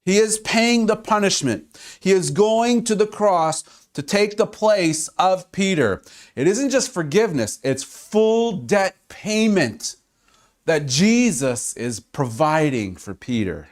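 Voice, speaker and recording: A man preaching a sermon, swinging between loud exclamations and hushed, quiet stretches. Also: high voice, sing-song, takes it slowly. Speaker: pastor.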